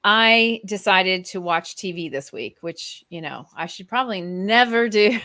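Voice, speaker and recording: Slow-talking chatty woman podcast host. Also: medium pitch, lively intonation, background noise. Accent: Kansas City, Midwestern US. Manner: slow, meandering, laughs often. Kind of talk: casual chat.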